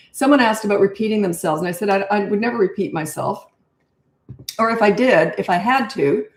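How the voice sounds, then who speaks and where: A woman's voice: lowish voice, gravelly, a little mellow. An older woman, a parenting coach, chatting bluntly and casually through a live Q&A where she reads out viewer questions. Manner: chatty and blunt, laughs at her own stories. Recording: echoey room.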